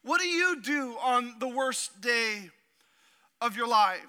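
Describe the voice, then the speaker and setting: Taking it slowly, the pastor reads scripture in a clear, resonant tone, his voice high, bright and forceful. Between readings he drops into animated, humorous asides.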